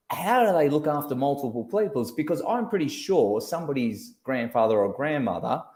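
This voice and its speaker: A man hosting a casual chat, joking and telling animated stories. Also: mid-range voice, echoey room. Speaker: host.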